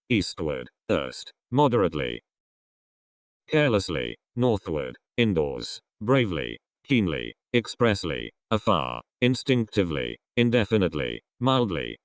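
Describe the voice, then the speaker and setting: A man's voice: low voice, dry recording, clean studio sound. A man reading out a vocabulary list one word at a time, each word in a falling list cadence.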